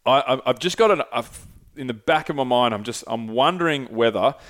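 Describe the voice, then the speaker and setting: This Australian-accented podcast host talks a little fast in a medium-pitched, slightly bright voice. The conversation is casual and rambling, full of swearing, and he frequently loses track of what he was saying.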